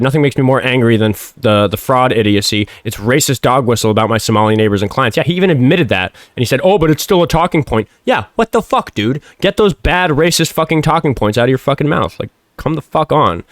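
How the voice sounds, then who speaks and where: A man from Minnesota hosting a livestream talk show, swearing a lot, yelling at a caller and then mumbling through donation messages, his voice hoarse from shouting. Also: expressive, brisk, no echo, studio quality. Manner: profane, combative yelling then low mumbling. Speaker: show host.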